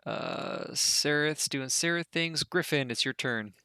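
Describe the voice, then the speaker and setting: A man narrating a tabletop game as dungeon master, in a loose, halting way with spoken sound effects. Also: fairly high pitch, pushed and bright, smooth, dry recording.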